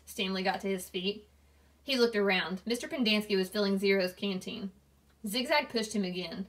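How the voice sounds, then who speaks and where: A woman reading a novel aloud, narrating steadily and clearly. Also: medium pitch, normal speed. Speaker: reader.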